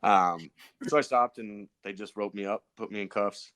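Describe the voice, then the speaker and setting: A man's voice: lowish voice, normal speed, fairly bright tone. A man, a pro BMX racer guest on a podcast, telling stories in a loose, rambling way full of fillers and restarts. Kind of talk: casual podcast storytelling.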